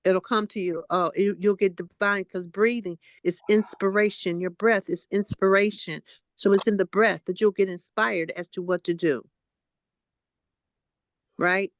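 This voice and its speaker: A woman's voice: medium pitch, steady tone, a little slow, dry recording, studio quality. A woman co-hosting a group talk, coaching a friend through her breathing in a coaxing, affectionate way. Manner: warm, coaxing, calls people honey and baby. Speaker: co-host.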